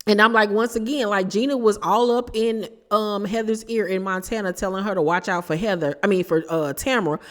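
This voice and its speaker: A woman's voice: mid-range voice, fairly even intonation, fairly quick, hardly any pauses, in a large hall. A woman hosting a casual, opinionated recap of a reality show, talking in a chatty, emphatic way with sassy asides.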